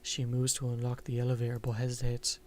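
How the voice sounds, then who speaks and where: A man's voice: medium pitch, monotone, fast talker, a little mellow, a little hiss or hum. A man playing a visual novel game, reading its narration aloud with frequent restarts and casual asides. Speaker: game streamer.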